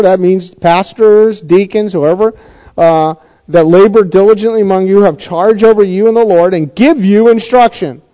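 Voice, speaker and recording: High-voiced pastor preaching conversationally. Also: male voice, warm tone, muffled recording. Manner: conversational preaching with rhetorical questions and emphatic rises. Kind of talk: sermon.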